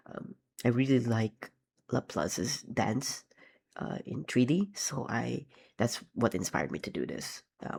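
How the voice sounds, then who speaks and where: A man's voice: medium pitch, gravelly, breathy edge. A man casually talking through how he made his animations, rambling with many ums and restarts and poking fun at himself. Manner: rambling, self-deprecating, frequent ums and restarts. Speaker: animator vlogger. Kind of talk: casual behind-the-scenes commentary.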